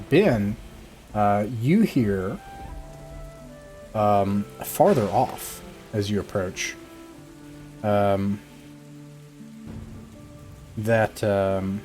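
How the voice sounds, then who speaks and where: A male game master narrating a fantasy tabletop session from home through a computer mic. His voice sits on the low side, and he pauses often and hunts for words as he goes. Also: a little mellow. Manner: hesitant, many fillers and restarts. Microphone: computer mic on a video call.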